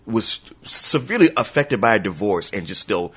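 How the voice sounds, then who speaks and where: A man's voice: on the low side, big pitch swings, husky. Chatty male co-host of a film review podcast. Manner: chatty, quick asides, laughs along. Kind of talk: casual review chat.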